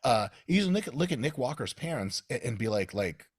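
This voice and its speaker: Profane, animated man with a husky voice. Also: mid-range voice, fairly quick, no room sound, clean studio sound. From Russia. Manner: profane, animated ranting with mock quotes. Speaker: podcast guest, coach. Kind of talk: casual podcast chat.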